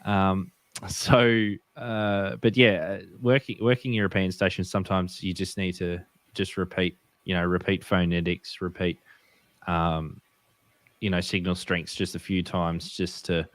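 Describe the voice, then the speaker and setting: A man's voice: low voice, little pitch movement, unhurried, no echo. An Australian man chatting casually as a podcast guest, hesitant with many fillers and restarts. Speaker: guest ham radio operator.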